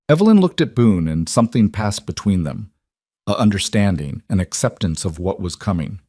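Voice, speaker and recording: A man narrating a scripted western story in a steady, even way. His voice sits low. The sound is dry and close. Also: normal speed, no echo.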